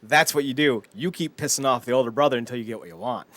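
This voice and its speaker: A man's voice: medium pitch, fast talker, fairly bright tone, no echo. A man co-hosting a wrestling podcast, talking eagerly in casual chat and packing his speech with fillers. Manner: eager, filler-heavy talk with quoted asides. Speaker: podcast co-host.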